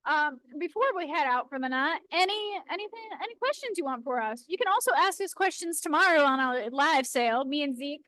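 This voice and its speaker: A woman's voice: high voice, expressive, fairly quick, few pauses, pushed and bright, no echo. A woman with a Boston accent co-hosting a casual live stream, playful and teasing. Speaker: co-host of a live rock-cutting stream.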